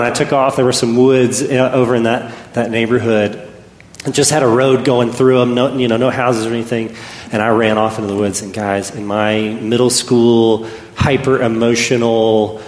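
A man preaching a sermon, telling a personal story and swinging between loud and hushed delivery. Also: medium pitch, a little hiss or hum. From Texas. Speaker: pastor. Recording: echoey hall with faint ambience.

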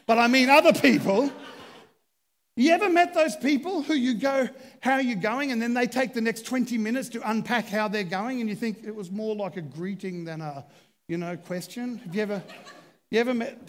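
High-voiced joking male pastor. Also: moderate pace, big-room sound. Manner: chatty, self-deprecating, joking with the congregation. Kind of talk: humorous sermon. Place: church stage.

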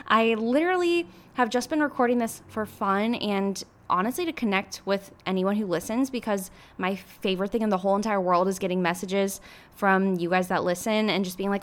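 A woman's voice: mid-range voice, a little fast. A woman, hosting her solo podcast in a chatty, rambling way with lots of fillers. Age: 20s. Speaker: podcast host. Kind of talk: casual solo podcast chat.

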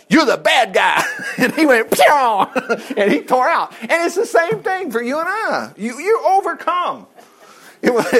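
A man's voice: high-pitched, a bit bright. A man teaching from the Bible in a chatty, folksy way, breaking off into asides and laughing at his own stories. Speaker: preacher.

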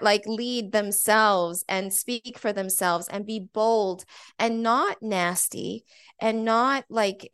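Casting: woman, 40s, podcast guest, animated storyteller, dry close sound, mid pitch. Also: smooth, no room sound. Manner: animated, chatty with frequent "like". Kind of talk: conversational storytelling.

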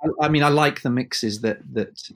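Halting, chatty man telling studio stories. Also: mid-range voice. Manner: halting, many restarts, animated storyteller. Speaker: musician guest. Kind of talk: casual interview chat.

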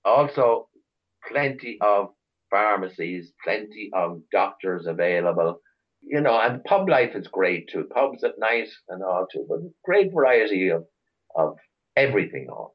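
A man's voice: lowish voice, very animated, a little slow, lo-fi sound. A middle-aged Irish man chatting as an interview guest, telling rambling stories with many restarts. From Ireland. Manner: rambling storyteller, frequent restarts. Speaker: guest, chauffeur tour operator. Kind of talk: casual interview chat.

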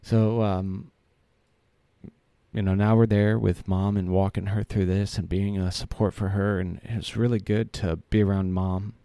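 A man's voice: lowish voice, flat delivery, measured pace, gravelly, mellow, clean tone, no echo. A man in his thirties telling a personal story in a casual, earnest way, rambling with many fillers and restarts.

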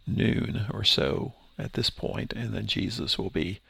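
A man's voice: fairly low pitch, unhurried, sharp tone, dry recording. A man teaching through a Bible passage verse by verse, explaining in a conversational way with restarts. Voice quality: gravelly, husky voice.

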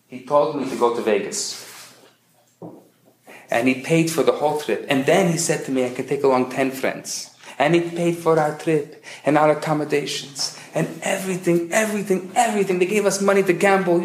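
A gushing, boastful mother, put on by a man piles on the praise for her son, repeating herself for emphasis. The voice lifts higher than plain speech and rings in a roomy, echoey hall. It is told as a character in a joke. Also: slight background noise, lightly acted. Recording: echoey room.

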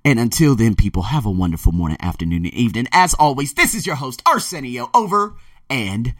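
A man's voice: mid-range voice, animated, no echo. Hyped man with a dry close voice. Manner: hyped, fast-shifting energy, swings between hushed and loud. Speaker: host of a vlog and podcast. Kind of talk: excited solo vlog monologue. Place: in Thailand.

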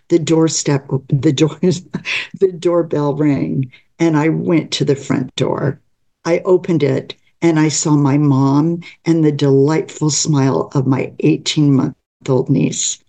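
Slow, halting older woman reading aloud. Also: deep voice, dark tone. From United States. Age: 70s. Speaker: guest reading her own story. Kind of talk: reading a personal essay aloud.

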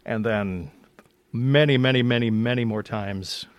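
A man chatting casually as a podcast guest about narrating an audiobook, blunt and quick to swear. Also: mid-range voice, no echo. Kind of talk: casual chat.

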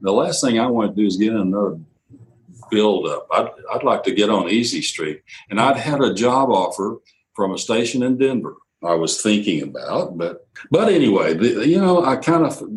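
An older man, a radio executive telling anecdotes in an interview, quoting others in lively bursts. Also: fairly low pitch, moderate pace, rough recording. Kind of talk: storytelling interview.

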